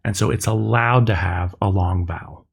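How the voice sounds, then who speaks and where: Low, gravelly man teaching slowly. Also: fairly even intonation. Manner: slow, methodical explaining, spelling out sounds. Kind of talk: recorded classroom lecture.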